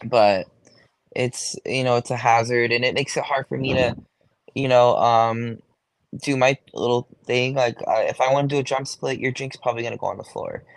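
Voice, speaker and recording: A man's voice: medium pitch, fairly even intonation, moderate pace, no echo. A young man, a go-go dancer, talking casually in an interview, chatty, swearing freely and saying "like" a lot. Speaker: guest, go-go dancer.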